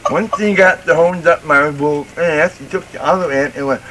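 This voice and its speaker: A man's voice: a little high, moderate pace, heavy background noise. A man telling a long folksy joke in a drawling, storytelling manner, voicing the people in it as he goes. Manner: drawling storyteller, rising and excited toward the end. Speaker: joke teller.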